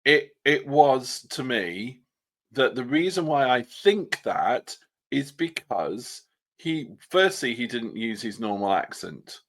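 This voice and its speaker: A man's voice: medium pitch, sing-song, slow. A man co-hosting a casual podcast chat, opinionated and wry, sometimes mimicking other people's voices. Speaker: podcast co-host.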